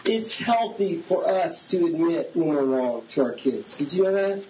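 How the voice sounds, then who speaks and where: A man's voice: on the high side, expressive, moderate pace. A man preaching a conversational sermon as pastor, often asking the congregation questions. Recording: slightly dull recording with faint hiss.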